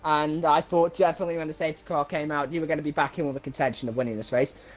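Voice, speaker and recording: A man with a voice going hoarse, co-commentating and interviewing a driver after a race, hesitant and full of restarts. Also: a little high, steady tone, racing.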